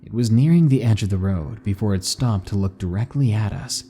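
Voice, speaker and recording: A man narrating scary stories in a measured, dramatic reading style. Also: fairly low pitch, warm tone, soft background music. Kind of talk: scripted horror narration.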